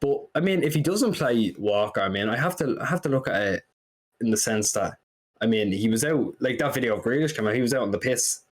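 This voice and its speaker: A man, co-hosting a casual football podcast, rambling and animated as he talks through his opinions. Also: medium pitch, brisk. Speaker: podcast co-host.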